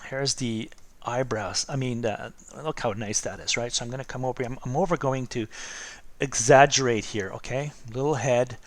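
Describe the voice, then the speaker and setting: A man's voice: mid-range voice, fairly even intonation, normal speed. A middle-aged man teaching art over a drawing demo, chatty and encouraging, checking in with "okay?" and "right?" all the time.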